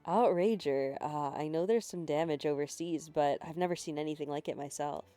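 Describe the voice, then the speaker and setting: A woman's voice: sits low, normal speed, warm tone, soft background music. A young woman streaming a game, chatting casually in a rambling, giggly, self-deprecating way, swearing and apologizing, on a handheld mic at home. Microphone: handheld mic, no desk.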